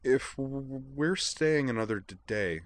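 A nervous young woman who trips over her first syllables again and again, voiced by a man reading a story. Her voice rides above the narrator's own low register. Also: expressive, a little slow, close to an everyday voice. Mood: flustered. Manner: stutters on first sounds.

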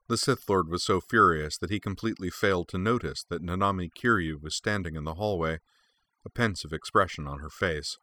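A man reading a story aloud as narrator, with steady, measured storytelling. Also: sits low, no room sound. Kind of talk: fan fiction read aloud.

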